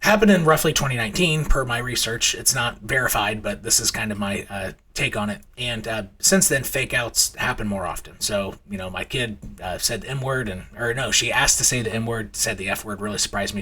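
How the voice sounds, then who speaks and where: A man's voice: brisk, sharp tone, slightly rough. A man in his thirties, host of a trading channel, telling stories and then talking through charts in a rambling way full of fillers and restarts. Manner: acts out his kids' voices in high squeals. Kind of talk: casual storytelling and chart commentary.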